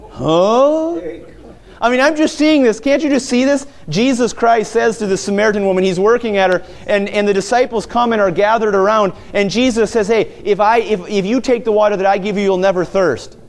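Animated male preacher telling a story. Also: a little high. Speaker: pastor. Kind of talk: sermon.

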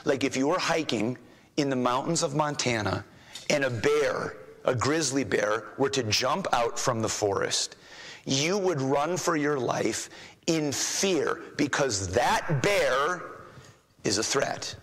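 A man preaching a sermon as a pastor, emphatic, rising in pitch and volume when he reads scripture aloud. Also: animated, slow, fairly bright tone, long reverb tail, poor audio.

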